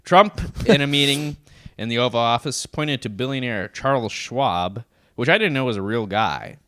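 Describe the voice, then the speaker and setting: An irreverent man co-hosting a comedy podcast, reading out quotes and dropping profane one-liners. His pitch jumps around lively and expressively. The sound is dry and close-miked in a studio. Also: normal speed, no room sound. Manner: irreverent, profane quips, reads quotes aloud. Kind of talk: casual comedic banter.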